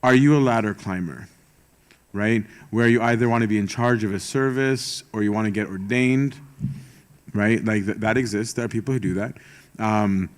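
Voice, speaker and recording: Casual, sarcastic young priest. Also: male voice, on the low side, moderate pace. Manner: informal, rhetorical, frequent "right?" and "um"; self-aware sarcastic humor. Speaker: priest giving a retreat talk. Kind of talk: conversational sermon.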